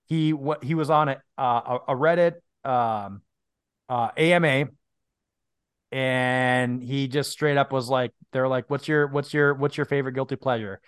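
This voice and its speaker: A man's voice: mid-range voice, steady tone, unhurried, clean tone, no room sound, clean studio sound. A man co-hosting a podcast, chatting casually and sharing film trivia with some swearing. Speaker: podcast co-host.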